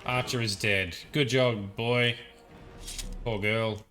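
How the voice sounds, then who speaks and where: A man's voice: medium pitch, fairly even intonation, slow pace, heavy background noise. A young man with an Australian accent, casually commenting while playing a game, playful and chatty. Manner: chatty, playful, laughing often. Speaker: let's play host.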